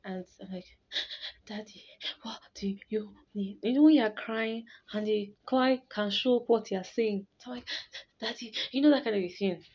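A young woman casually sharing a faith testimony, animated and laughing as she tells the story. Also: fairly high pitch, fairly quick, few pauses. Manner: animated, laughs and restarts while telling a story. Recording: dull lo-fi recording.

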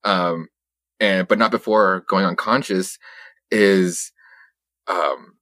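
This young podcast co-host has a low, steady voice with a fairly bright tone and an unhurried delivery. He recaps a comic book in a rambling, profane way, laughing often and quoting characters along the way. There's no room sound.

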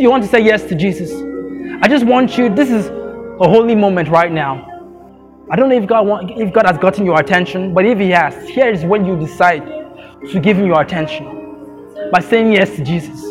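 A male pastor leading a church in prayer and an altar call, moving from slow, prayerful phrases to fervent declarations. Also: high voice. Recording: church with live music behind. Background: music.

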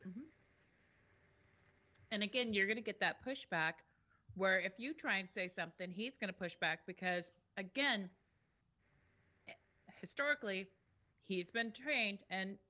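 Blunt, bright-voiced woman. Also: mid-range voice, measured pace, pauses often, muffled recording. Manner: blunt, emphatic and profane. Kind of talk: casual discussion.

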